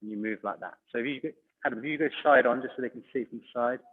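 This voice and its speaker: Husky and medium-pitched, this judo coach speaks very fast as he runs an online exercise session for children, shouting instructions and encouragement. It sounds like a phone recording in a hall with long reverb.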